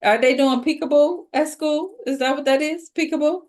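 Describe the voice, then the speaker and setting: Brief: woman podcast co-host, slightly high voice, lively slangy recap talk. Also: moderate pace. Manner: animated, slangy, recounts scenes with voiced quotes. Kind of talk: casual chat reviewing a reality show.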